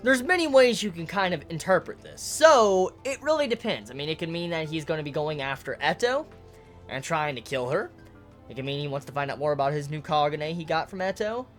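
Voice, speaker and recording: A manga reviewer giving casual video commentary, ranting excitably with lots of swearing and stuttered repeats. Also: mid-range voice, fairly quick, faint music behind.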